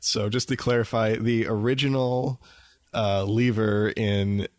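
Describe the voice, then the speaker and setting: A man's voice: lowish voice, fairly even intonation, measured pace, dry recording, clean studio sound. A man from Canada co-hosting a podcast in casual chat, talking in a hesitant, thoughtful way with many fillers. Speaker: podcast co-host.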